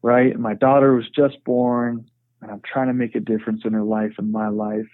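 A man's voice: medium pitch, little pitch movement, moderate pace, dry recording. A man speaking as a podcast guest, telling his story earnestly and frankly and often saying "you know". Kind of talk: conversational storytelling. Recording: tinny phone-like dry sound.

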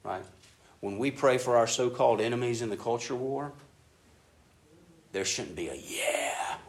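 A man preaching a sermon in a casual, animated way, acting out prayers in an excited voice. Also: fairly low pitch, moderate pace. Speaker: pastor. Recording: echoey room with faint ambient noise.

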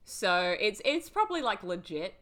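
A woman co-hosting a casual recap podcast, animated and full of hesitant fillers. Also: medium pitch, moderate pace. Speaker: podcast co-host.

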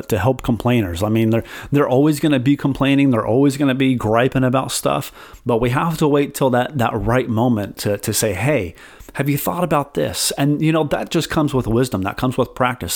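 A man's voice: medium pitch, darkish tone. Earnest man hosting a leadership podcast. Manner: earnest, conversational, repeats phrases for emphasis. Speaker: podcast host and leadership coach. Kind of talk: reflective solo podcast talk.

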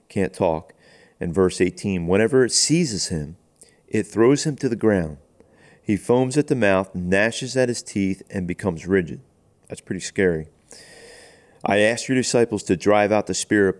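A man co-hosting a faith podcast as its pastor, reading and explaining scripture in a relaxed, conversational way and thinking aloud as he goes. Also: sits low. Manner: conversational, thinks aloud, acts out quoted lines.

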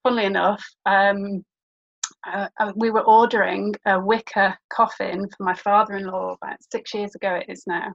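A woman's voice: mid-range voice, flat delivery, normal speed, creaky, highs cut off. A woman, a humanist celebrant chatting as a podcast guest and explaining things with plenty of fillers. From born in England, raised in Birkenhead. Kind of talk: casual podcast interview.

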